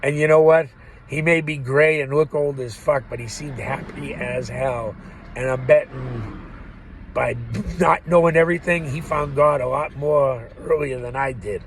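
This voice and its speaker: A man's voice: fairly high pitch, fairly even intonation, moderate pace, a little hiss or hum, poor audio. A man rambling through a profane, laugh-filled monologue as a vlogger. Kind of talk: ranting monologue.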